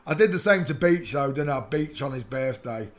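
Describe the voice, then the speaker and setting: A man hosting a live stream, giving casual, mocking running commentary on pictures and greeting viewers by name. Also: normal speed. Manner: excitable, breaks into loud high laughter. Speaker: livestream host.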